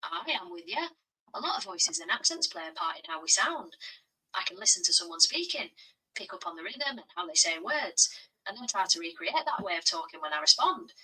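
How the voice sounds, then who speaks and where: A woman's voice: on the low side, sing-song, a little fast, bright, forceful tone, husky, distant mic, low-quality recording. A synthetic female assistant voice with a Black Country accent, answering in a friendly, slangy way and calling people bro. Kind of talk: chatty AI assistant replies.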